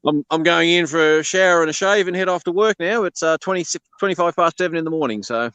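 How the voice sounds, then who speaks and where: Australian man, guest caller, smooth clear voice, dry close sound. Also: a little high, fast, no echo. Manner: relaxed, rambling, hesitant fillers. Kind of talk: casual chat.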